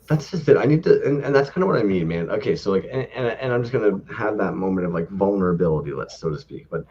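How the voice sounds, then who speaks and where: A man's voice: on the low side, lively intonation, quick pace, a little mellow, a little hiss or hum. A man co-hosting a toy podcast, telling rambling, profane stories in a laid-back way. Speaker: podcast co-host. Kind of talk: casual toy-collector chat. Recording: dull lo-fi audio.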